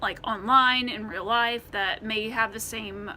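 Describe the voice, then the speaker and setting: American woman vlogger, slightly high and bright, loose rambling Q&A with lots of ums. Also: fairly even intonation, unhurried, slight background noise. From United States. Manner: rambling, many ums and restarts. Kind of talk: casual Q&A to camera.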